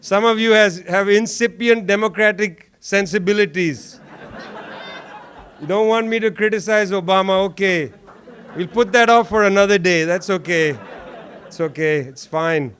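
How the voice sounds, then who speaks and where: A man's voice: high-pitched, moderate pace, a bit bright, some chatter behind. A man giving a keynote at a political conference, emphatic and sarcastic, repeating lines for effect and joking with the audience in the room. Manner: jokes with the audience. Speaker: keynote speaker.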